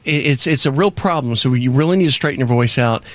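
A man with a Texan accent, a guest on a studio chat show, telling jokey stories in a drawling, animated way. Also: mid-range voice, quick pace, dry recording. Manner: animated storyteller, drawling and joking.

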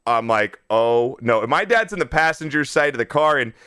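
Bright high-voiced profane young storyteller man. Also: fairly quick, clean tone, dry recording, clean studio sound. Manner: animated, profane, laughing storyteller. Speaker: podcast host. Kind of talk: casual storytelling.

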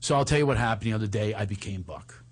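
A man's voice: lowish voice, fast, slightly rough. Chatty man with a Philly accent. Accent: Philadelphia. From Philadelphia. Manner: chatty storyteller, restarts a lot, puts on a soft cowboy drawl for quotes. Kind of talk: casual chat.

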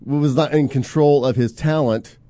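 A man's voice: mid-range voice, fairly even intonation, normal speed, dark tone, no echo. A man angrily grilling his staff about a botched event, swearing constantly and firing off questions. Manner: angry, swears constantly, interrogating. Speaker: boss scolding his staff. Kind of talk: heated live-stream argument.

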